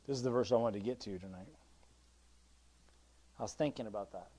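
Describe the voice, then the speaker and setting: A man's voice: lowish voice, fairly quick. Emphatic male pastor preaching. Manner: conversational, with frequent restarts and swings from quiet to emphatic; reads scripture in King James wording. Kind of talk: sermon.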